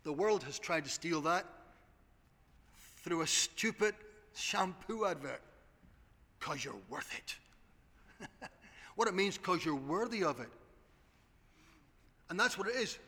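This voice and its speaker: A man's voice: sits high, lively intonation, a little slow, pauses often, bright, forceful tone. A man preaching a sermon, earnestly appealing to his congregation. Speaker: pastor. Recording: long hall reverb.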